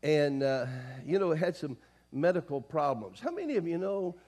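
Preaching man, loud and rising. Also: fairly high pitch, sing-song, moderate pace. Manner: call-and-response preaching, swings from soft storytelling to loud emphasis. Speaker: pastor. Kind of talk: sermon. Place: church sanctuary.

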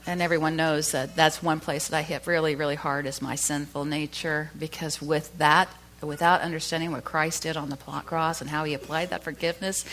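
A middle-aged woman preaching a sermon, telling a story and rising to loud, emphatic peaks. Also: low voice.

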